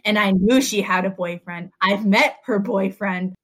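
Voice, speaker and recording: A woman's voice: mid-range voice, a little slow, a bit bright. Chatty young woman rambling through a story. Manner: rambling, heavy use of "like". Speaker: podcast host. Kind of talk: casual storytelling chat.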